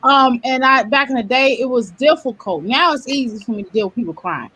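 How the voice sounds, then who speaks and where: A woman on a casual radio talk show, telling animated stories and acting out the quotes. She mentions the clients she counsels. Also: high voice, a little fast, breathy edge. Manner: animated storyteller who acts out quotes.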